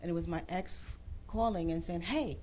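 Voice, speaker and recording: A woman talk show guest giving an animated personal testimony, acting out the voices she quotes and using churchy phrasing. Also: lowish voice, normal speed, a little hiss or hum.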